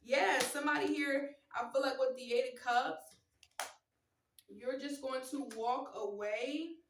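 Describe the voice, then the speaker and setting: A woman's voice: high-pitched, a little slow, slight background noise. An American woman giving a casual spiritual tarot reading, talking earnestly and rambling, often repeating herself. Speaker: tarot reader. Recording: echoey room, voice from a distance.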